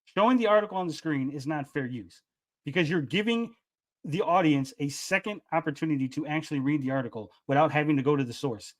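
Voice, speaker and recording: A debater, male, with a fairly high voice and a quick pace, argues heatedly and insistently. He frequently interrupts and repeats himself.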